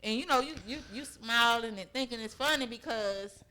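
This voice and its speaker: A woman's voice: fairly high pitch, moderate pace, a crowd in the background, rough recording. Earnest woman telling her own story. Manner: earnest, emphatic, keeps checking in with listeners. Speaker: guest sharing a personal story. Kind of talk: conversational storytelling.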